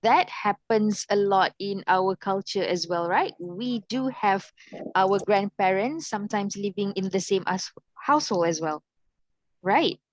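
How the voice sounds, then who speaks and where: A woman's voice: mid-range voice, expressive, unhurried, no echo, low-quality recording. A young adult woman teaching an adult English class, patiently asking questions and checking that her students follow.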